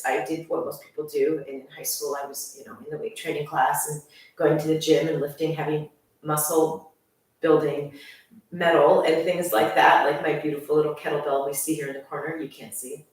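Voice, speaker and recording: A woman in her forties with a lowish voice talks casually and brightly to her viewers, calling them friends. Her voice rings around a very echoey room at home, caught by a mic set some way off. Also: steady tone, moderate pace, recorded from a distance. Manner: chatty, upbeat, addresses listeners as friends. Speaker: fitness instructor. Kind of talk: casual channel introduction. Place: room at home with workout gear.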